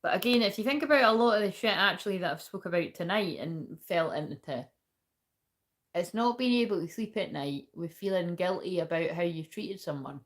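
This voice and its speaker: A woman's voice: on the low side, a little fast. A woman giving a casual spiritual tarot reading, rambling and swearing often. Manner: rambling, swears a lot, chatty. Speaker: tarot reader.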